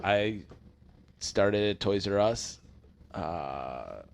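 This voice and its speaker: Male host, casual storyteller, animated, gravelly, wide-ranging pitch. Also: drawn-out words. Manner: animated storyteller, acts out quoted customers in high voices. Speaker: podcast host.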